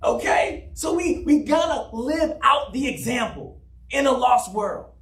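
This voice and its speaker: A man preaching a sermon as pastor, emphatic and often shouting, in a church. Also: very high-pitched, measured pace. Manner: mocks a flat monotone preacher for effect. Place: church sanctuary. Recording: echoey room from a distance.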